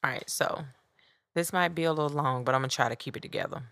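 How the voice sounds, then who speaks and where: A woman hosting a podcast, telling a story in a blunt, animated way. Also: low-pitched, quick pace, dry recording, studio quality. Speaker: podcast host. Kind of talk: casual storytelling monologue.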